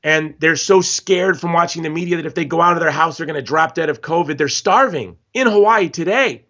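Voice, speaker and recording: A man's voice: fairly high pitch, a little fast, pushed and bright, muffled recording. A man speaking as a guest in a podcast interview, telling stories with passion and emphatic repetition. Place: Hawaii.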